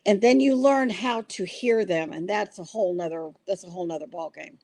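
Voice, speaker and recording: A woman's voice: mid-range voice, brisk, dark tone, no echo. An older woman hosting a podcast, telling stories in an earnest, rambling way with restarts. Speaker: podcast host. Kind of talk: casual podcast conversation.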